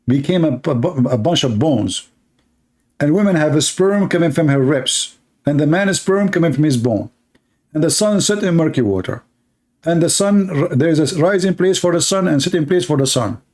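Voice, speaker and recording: A man's voice: a little high, a little mellow. A man giving sarcastic live-stream reaction commentary on a clip, rambling and mocking in broken English.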